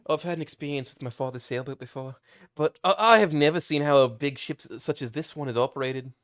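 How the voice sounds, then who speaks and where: A man's voice: a little high, quick pace, a bit bright. A man reading a game's narration aloud in a casual way, sometimes stumbling over words and laughing. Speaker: streamer reading a visual novel aloud.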